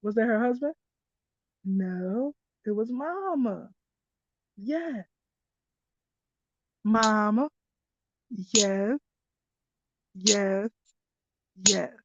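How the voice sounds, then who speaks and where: A woman hosting a live card-reading stream, calling listeners honey and baby, bursting into loud exclamations and then reading slowly and softly. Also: mid-range voice, a little hiss or hum. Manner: animated, exclaims loudly then reads slowly in a hushed voice. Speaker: spiritual reader hosting a livestream. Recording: dull lo-fi livestream audio.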